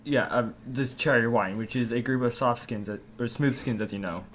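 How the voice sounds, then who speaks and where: A man's voice: mid-range voice, normal speed, fairly bright tone, slight background noise. A man playing a tabletop game, explaining things at length in character. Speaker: player. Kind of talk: casual tabletop game chat.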